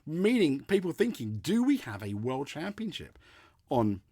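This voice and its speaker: A man's voice: on the high side, sing-song, measured pace, mellow, no echo. A man hosting a motorsport show, giving a casual race preview and often restarting and repeating his phrases as he talks. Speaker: motorsport podcast host.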